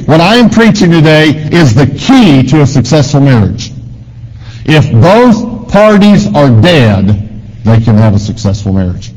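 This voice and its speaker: A man pastor preaching a sermon with emphatic swings in pitch and volume, asking the congregation questions. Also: sing-song, measured pace, a little mellow. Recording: long hall reverb.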